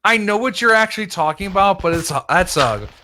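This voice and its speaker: A man's voice: high-pitched, lively intonation, brisk, background noise. A young man co-hosting a casual gaming podcast, bantering and teasing his friends. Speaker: podcast co-host. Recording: music playing underneath.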